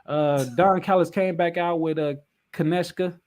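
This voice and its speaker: A man's voice: on the high side, fairly even intonation, moderate pace, darkish tone. Slangy, laughing male podcast co-host. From US West Coast. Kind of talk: casual chat about wrestling.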